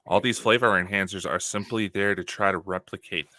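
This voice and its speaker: A man's voice: deep voice, steady tone, brisk, bright, forceful tone, no room sound. A man co-hosting a casual chat show, easygoing and chuckling. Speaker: podcast co-host.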